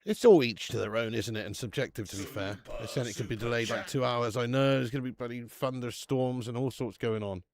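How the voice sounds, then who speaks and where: A man's voice: mid-range voice, fairly even intonation, a little fast, hardly any pauses, a little mellow. A young British man hosting a live football watch-along, chatting casually, swearing and reading out viewer comments. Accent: British English. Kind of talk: casual live-stream chat.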